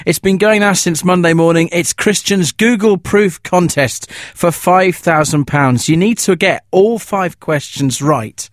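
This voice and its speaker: A man with a fairly high voice presenting a radio podcast intro. He talks in a chatty, self-mocking way, and the sound is dry and close to the mic. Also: measured pace, few pauses, no echo.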